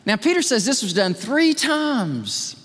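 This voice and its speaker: Man preaching from the pulpit, animated, voice echoing in the hall. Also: measured pace, husky. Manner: animated preaching, acting out voices with big pitch swings. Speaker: pastor. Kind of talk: sermon. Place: church sanctuary.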